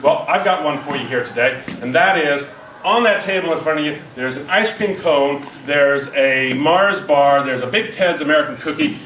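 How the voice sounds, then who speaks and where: Bright-voiced man presenting to a crowd. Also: a little high, moderate pace, a little hiss or hum. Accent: Northern Irish. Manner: animated, acts out reactions with sudden loud outbursts. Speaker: workshop speaker. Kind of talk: lively audience presentation. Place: seminar room with live audience. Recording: echoey room, speaker far from mic.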